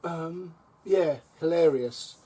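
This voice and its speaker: A middle-aged man with a husky, slightly rough voice, pitched a little high for a man. He chats casually on his allotment, telling wry stories and laughing at them. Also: slow pace, mellow. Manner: wry, chuckling storyteller with dry jabs. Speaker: allotment vlogger. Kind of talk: casual chat to camera. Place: allotment plot by a fire.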